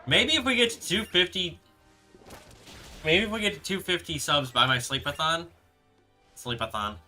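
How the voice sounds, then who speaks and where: Bright-voiced young man chatting on stream. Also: fairly high pitch. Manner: rambling, halting, reads chat aloud and answers. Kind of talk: casual live-stream chat. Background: background music.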